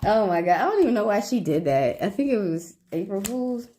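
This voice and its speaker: A woman's voice: medium pitch, lively intonation, a little fast, dark tone. A young woman chatting casually on a tarot livestream, reading out viewers' questions and answering them with loose slang and frequent laughter. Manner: laughs a lot while telling stories, loose slangy talk. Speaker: tarot reader.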